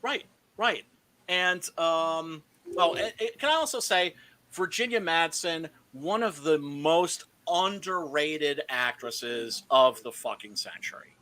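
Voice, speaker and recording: A man's voice: on the high side, animated, slow, sharp tone. A man hosting a casual film discussion, emphatic and swearing freely, often checking in with "right?". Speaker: podcast host.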